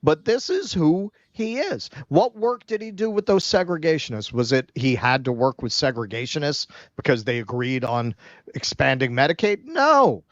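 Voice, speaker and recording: A man's voice: mid-range voice, animated, moderate pace, no echo. A man co-hosting a political commentary show, ranting in a heated, sarcastic way with swearing and stammered starts. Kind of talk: casual political commentary rant. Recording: dull, muffled lo-fi mic.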